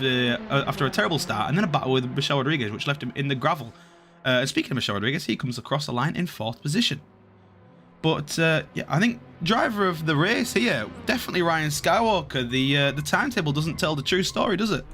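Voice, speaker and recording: A man commentates an online race in a bright, slightly raised voice. He calls positions briskly and jumps at any sign of chaos. Soft music plays underneath. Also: fairly high pitch. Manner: excitable, calls positions quickly. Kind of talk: sim racing commentary.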